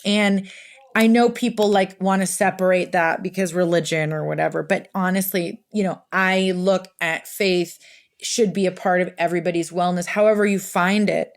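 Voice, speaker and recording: A woman's voice: lowish voice, steady tone, normal speed. A woman in her forties co-hosting a casual podcast, reading listener emails aloud and turning tearful and laughing easily. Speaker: podcast co-host.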